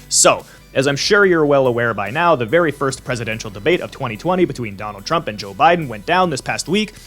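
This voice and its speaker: A man's voice: medium pitch, fairly bright tone. Sarcastic, foul-mouthed man ranting. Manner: profane, sarcastic, blunt. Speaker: vlog host. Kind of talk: ranting commentary vlog.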